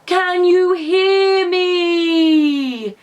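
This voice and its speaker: A woman voicing a kindly, friendly grown man in a children's story, calling out brightly and encouragingly. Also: sits high, sing-song, moderate pace, pitched above the performer's own voice. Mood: cheerful calling.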